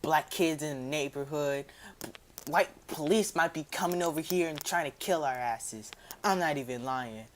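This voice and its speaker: A man telling a personal story to his viewers in a casual, slangy, rambling way, dropping his voice low for quoted asides. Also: normal speed, a little hiss or hum.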